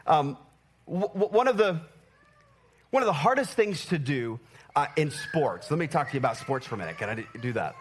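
Earnest pastor preaching. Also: male voice, a little high, expressive, a little fast, husky. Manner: earnest, often checks in with the congregation; teaching with everyday examples. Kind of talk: sermon.

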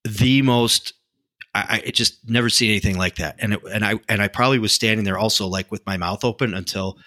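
A male podcast co-host, a police officer, speaking haltingly, full of fillers and restarts, in casual chat. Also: on the low side, pushed and bright. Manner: halting, filler-heavy, repeats himself.

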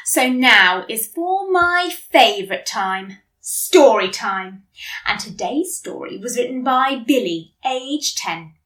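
A woman hosting a children's podcast, reading a story aloud in a gentle, animated way. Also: a little high, slow, few pauses, reverberant, far from the mic. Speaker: podcast host. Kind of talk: kids' podcast narration.

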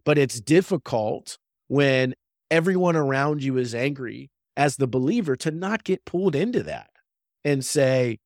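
A man's voice: mid-range voice, lively intonation, measured pace, darkish tone, no room sound. An earnest man in his thirties tells a workplace story in casual podcast chat. He often checks in with his listeners by asking "right?" His mid-range voice sounds dry and close to the mic. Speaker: real estate agent and podcast co-host. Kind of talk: casual faith-based business podcast chat.

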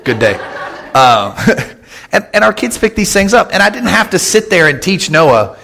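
A man, preaching a casual, humorous sermon as a pastor, chatty and quick with jokes and asides. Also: sits high, sing-song, gravelly, sharp tone, a little hiss or hum. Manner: joking, conversational, with quick asides and laughs. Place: church sanctuary. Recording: long hall reverb in a church.

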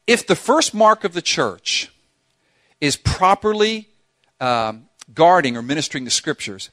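An energetic male pastor delivers a sermon from a church stage mic, his voice swinging widely up and down as he repeats key phrases for emphasis. His pitch sits a little above the usual for a man. The sound is close and dry, with hardly any room echo. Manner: animated preaching, acts out voices, emphatic repetition. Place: church sanctuary.

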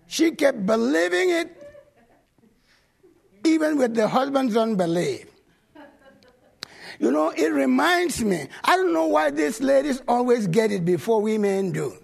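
A male pastor telling stories in a sermon, animated and swinging from loud bursts to low asides. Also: unhurried, vocal fry, pauses often. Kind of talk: sermon storytelling.

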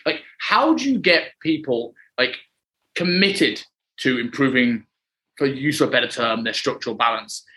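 A man's voice: medium pitch, lively intonation, moderate pace, sharp tone, poor audio. A man hosting a podcast, chatty and rambling, with lots of "like" and "you know". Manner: chatty, rambling, many fillers. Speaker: podcast host. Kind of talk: casual podcast chat.

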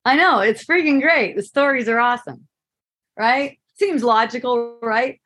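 A middle-aged woman tells a personal story in a casual monologue, laughing often and asking "right?" to keep her listener with her. She speaks at a measured pace in a fairly high voice.

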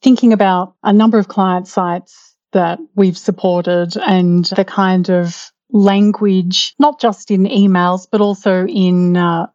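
A woman hosting an interview, asking questions and reflecting in a measured, thoughtful way. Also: medium pitch, fairly even intonation, a little mellow, dry recording. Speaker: podcast host. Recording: dry, dull lo-fi audio.

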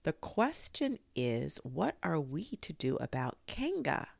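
A woman's voice: deep voice, big pitch swings, slow, gravelly, darkish tone, no room sound, full character voice. A woman reading aloud and voicing a small, timid young male piglet who speaks hesitantly and anxiously. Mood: nervous.

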